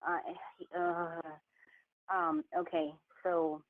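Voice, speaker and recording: A woman on a phone call, halting and apologetic, stumbling over her words. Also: fairly low pitch, sing-song, gravelly. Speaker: caller. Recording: tinny phone line.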